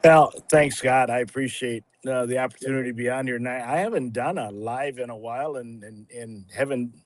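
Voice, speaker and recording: A man in his sixties telling his personal story on a livestream, halting and rambling with many restarts. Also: mid-range voice. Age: 60s. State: a little emotional at times. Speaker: guest sharing a testimony. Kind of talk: casual spoken testimony on a livestream.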